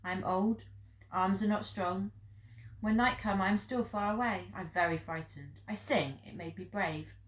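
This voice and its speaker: A woman's voice: mid-range voice, moderate pace, close to an everyday voice. A woman reading the part of an old Japanese hermit man who speaks in blunt, clipped broken English, recorded in an echoey room. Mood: intense.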